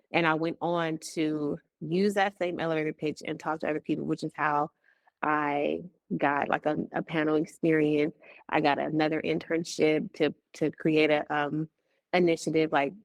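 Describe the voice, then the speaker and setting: Woman, low voice, dry close sound, chatty and laughing, business coach guest. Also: no echo. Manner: chatty, laughs often, acts out quoted talk. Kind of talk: casual interview talk.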